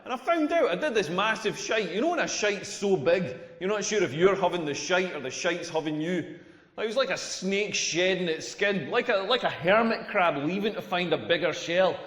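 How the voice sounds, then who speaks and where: A man's voice: sits high, lively intonation, moderate pace, fairly bright tone. A Scottish man doing a crude, self-deprecating stand-up comedy set on a club stage. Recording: echoey room with long reverb.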